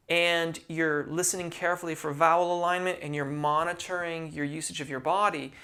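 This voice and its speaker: A man's voice: a little high, a bit bright. Patient man teaching singing technique. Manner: measured, patient, explains at length; uses technical singing terms. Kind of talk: explanatory vocal lesson.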